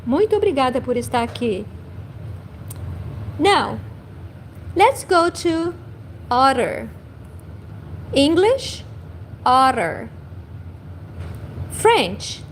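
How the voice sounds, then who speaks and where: Brief: woman teacher, high animated voice, faint noise. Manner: slow, repeats each word for learners. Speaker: language teacher. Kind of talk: livestream language lesson.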